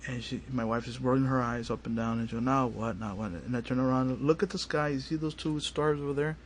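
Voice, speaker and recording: Guy, telling a story on a radio show, gets animated, acts out the family's lines. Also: medium pitch, quick pace, a little hiss or hum. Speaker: paranormal investigator, studio guest. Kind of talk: casual storytelling interview. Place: radio studio.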